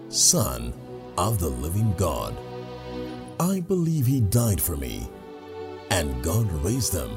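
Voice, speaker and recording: A man reading a solemn scripted closing prayer as announcer. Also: deep voice. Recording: music bed behind the voice.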